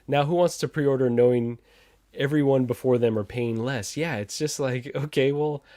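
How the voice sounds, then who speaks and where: A man's voice: medium pitch, moderate pace, warm tone, no echo, clean studio sound. A man hosting a casual livestream chat, reading out viewer comments and trading sarcastic jabs with a laugh. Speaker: podcast host reading live chat.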